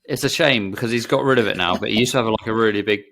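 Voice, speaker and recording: A man's voice: fairly low pitch, racing, fairly bright tone. A man co-hosting a casual podcast, laid-back and rambling, with joking asides. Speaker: podcast co-host. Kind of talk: casual chat.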